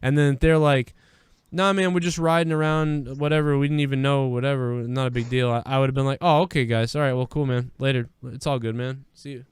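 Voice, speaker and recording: A man's voice: medium pitch, fairly even intonation, fairly quick, smooth, no room sound. A man hosting a live news-reaction stream, talking in a rambling, profane, conversational way. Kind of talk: casual live-stream commentary.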